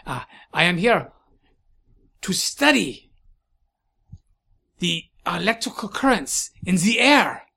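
A man voicing an eccentric, excitable scientist, full of halting "ah"s. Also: sits high, gravelly, slightly rough, voice pushed up, heavily acted. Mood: eager.

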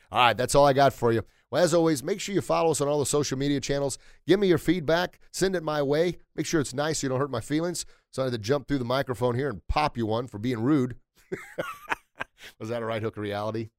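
A middle-aged man hosting a motivational podcast, telling everyday stories with energy and building to loud, emphatic peaks. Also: medium pitch, dry recording, clean studio sound. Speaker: podcast host. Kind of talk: motivational solo podcast talk.

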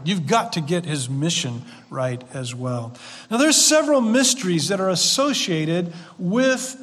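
A man with a notably high voice preaches a sermon in an earnest, conversational way, dropping folksy asides as he goes. His words ring out with a long reverb, as if in a church sanctuary. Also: fairly bright tone. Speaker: pastor.

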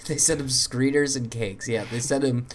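A man co-hosting a comedy podcast, quick and jokey, swearing casually as he tells the story. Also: medium pitch, steady tone, slight background noise. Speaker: podcast co-host. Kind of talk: improvised comedy podcast banter.

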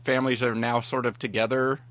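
A man's voice: medium pitch, flat delivery, a little fast, a bit bright. A man co-hosting a podcast, talking casually about TV shows in long, meandering sentences. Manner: rambling, many fillers and restarts. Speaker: podcast co-host. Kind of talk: casual TV review chat.

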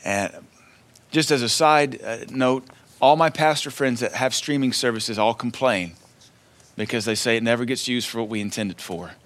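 A man preaching a sermon in an easy, conversational way. He slips into short acted quotes along the way, and his voice sits at an everyday middle pitch. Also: normal speed, a bit bright. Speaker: pastor.

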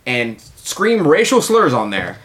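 Guy cohosting a chill art podcast, super animated, ranty, laughs a lot. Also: on the high side, slow. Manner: animated, ranting, laughs often. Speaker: podcast co-host, artist. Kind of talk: casual podcast chat.

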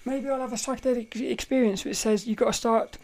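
A woman hosting a casual solo podcast, telling a story in a rambling, animated way, often laughing and restarting her sentences. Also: a little high, fast. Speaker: podcast host.

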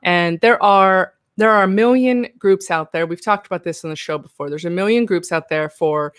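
An American woman hosting a casual live chat show, talking chattily with frequent laughs and animated asides. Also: fairly low pitch, normal speed, no room sound, studio quality. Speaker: host.

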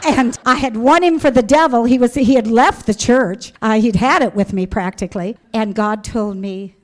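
A middle-aged woman from the American Midwest giving a personal religious testimony to an audience, animated and emphatic, acting out her own past words. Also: a little high, normal speed, few pauses.

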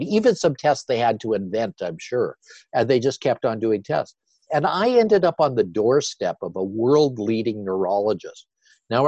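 An older man, a guest on an interview show, telling his story with animated repetition. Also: medium pitch, no echo, muffled recording.

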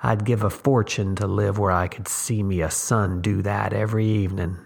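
A man's voice: on the low side, steady tone, moderate pace, vocal fry, a little mellow, husky. A man voicing a scheming young one-armed drifter with a firm, nasal drawl and a solemn, preachy way of talking. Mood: ingratiating.

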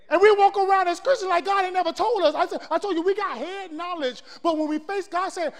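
A man with a very high voice preaches a sermon, calling out to the congregation and asking them for answers. His delivery swings from shouting to hushed, and a long reverb hangs behind every word. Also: quick pace, hardly any pauses.

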